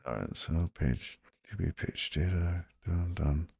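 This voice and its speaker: A man's voice: deep voice, measured pace, vocal fry, darkish tone, husky, no room sound. A man streaming himself coding, thinking aloud casually as he debugs, muttering and trailing off as he talks to viewers. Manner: muttering to himself, trailing off, chatting to viewers between code reads. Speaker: programmer live-streaming his coding.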